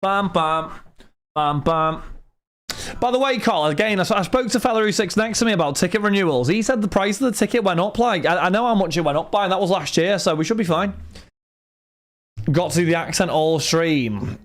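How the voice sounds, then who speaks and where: A man's voice: high voice, animated, fast. A young man chatting casually with his live stream chat while opening cards, rambling and talking to friends. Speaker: card break streamer.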